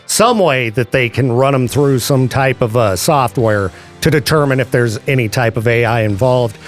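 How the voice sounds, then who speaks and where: A man hosting a casual morning radio show, talking quickly and loosely and laughing easily. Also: medium pitch, faint music behind. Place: radio studio. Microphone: studio mic.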